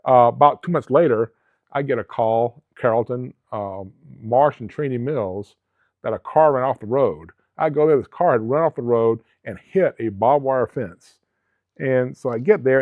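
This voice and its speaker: A man's voice: medium pitch, no echo. Earnest rambling man from Alabama, phone-tinny. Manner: earnest, rambling storyteller with frequent restarts. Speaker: guest, former police officer and travel agency owner. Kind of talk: casual storytelling interview. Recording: dry, tinny phone-like sound.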